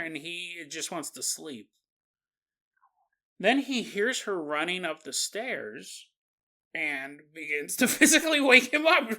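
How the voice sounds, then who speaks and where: Slow-talking, bright-voiced man telling a story. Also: high voice. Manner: animated, acts out the characters in the story. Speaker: podcast host. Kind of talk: storytelling narration.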